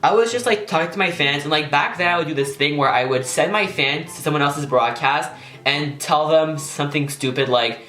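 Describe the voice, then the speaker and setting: A man's voice: a little high, a little fast, bright, forceful tone. A young man telling a casual storytime vlog, rambling and swearing, with "like" in almost every phrase. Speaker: YouTuber. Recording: echoey room.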